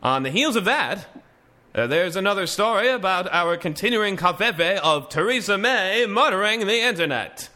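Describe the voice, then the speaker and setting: A man hosts a casual news commentary podcast, his voice bright and slightly high. He reads articles aloud in a lively, swooping delivery, breaking off for wry asides and stumbling restarts. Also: moderate pace. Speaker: podcast host.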